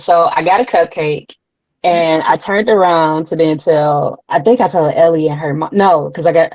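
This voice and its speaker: Excitable woman guest on lo-fi audio. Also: sits low, no echo. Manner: excitable, breathless run-on storytelling. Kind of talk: casual storytelling chat. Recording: dull lo-fi audio.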